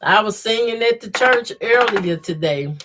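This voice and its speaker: A middle-aged woman hosts a quilting sew-along livestream, chatting casually as she sews, laughing often and reading viewer comments aloud. Her medium-pitched voice is animated and sinus-congested, moving at a moderate pace over a noisy background.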